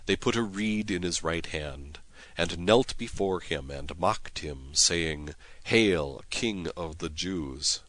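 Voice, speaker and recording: A priest giving a solemn, measured devotional reading of prayers and scripture, with some prayers recited in Latin. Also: male voice, sits low, expressive, a bit bright, no echo.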